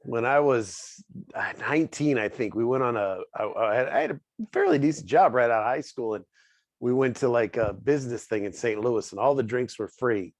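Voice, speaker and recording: A man's voice: mid-range voice, expressive, moderate pace, dry recording. A man in casual podcast chat, rambling and laughing through a story as co-host.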